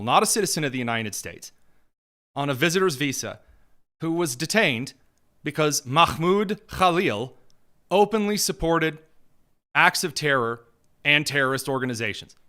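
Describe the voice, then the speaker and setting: A male host delivering opinionated political commentary in a sarcastic, mocking, rapid-fire way. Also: a little high, sharp tone.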